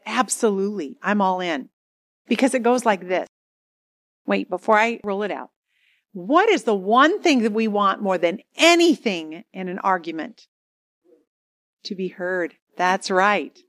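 Woman telling a lively marriage story. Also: mid-range voice, normal speed, dry recording, clean studio sound. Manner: animated, dramatic storytelling with laughs. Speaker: marriage seminar speaker. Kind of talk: storytelling talk to an audience.

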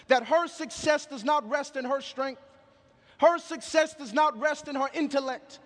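A man's voice: very high-pitched, a little slow, a bit bright, in a large hall. A man preaching a sermon, telling stories with emphatic call-and-response.

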